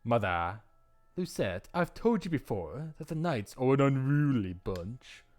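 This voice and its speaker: Man playing controlling mother, low cautioning tone, animated phrasing. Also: a little slow, soft background music. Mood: warning. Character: possessive, secretive mother warning her daughter.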